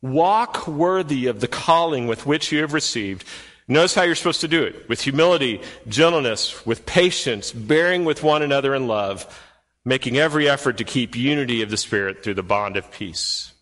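A man preaching a sermon as pastor, emphatic and full of rhetorical questions to the congregation, his voice swinging from loud and high to low and quiet. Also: expressive, moderate pace. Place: church sanctuary. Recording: long reverb from a large hall.

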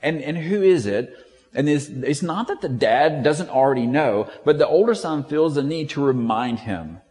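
A man's voice: on the high side, lively intonation, moderate pace, a little mellow. Male pastor, conversational sermon, voices the characters he quotes, reverberant church sound. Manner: conversational, acts out quotes with shifting tone. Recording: long hall reverb.

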